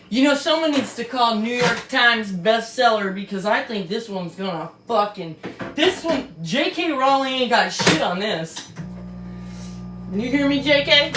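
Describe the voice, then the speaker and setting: Woman commentator, unhurried, animated swings in pitch, swears and mocks freely. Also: noisy background. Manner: profane, exclamatory, mocking; laughs often. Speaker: book commentator. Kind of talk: casual reaction commentary.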